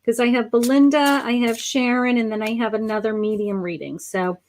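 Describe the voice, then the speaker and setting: A middle-aged woman with a fairly high voice gives a live psychic reading, her words drifting through fillers and restarts. She sounds a little worn, as if her voice is going, and calls her listeners honey and sweetheart. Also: steady tone, fairly quick, a little hiss or hum. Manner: soft-spoken, meandering, with many fillers and restarts. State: losing her voice. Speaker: psychic medium livestream host.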